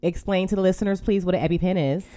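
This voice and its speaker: A woman's voice: on the low side, racing, dark tone, no echo. A woman co-hosting a casual chat, firing back playful comebacks at her husband. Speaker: podcast co-host.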